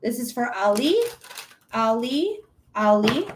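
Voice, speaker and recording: High-voiced chatty woman psychic. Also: lively intonation, normal speed, a little hiss or hum. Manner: chatty, swears freely, laughs often. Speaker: psychic reader on a live stream. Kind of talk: casual live-stream chat.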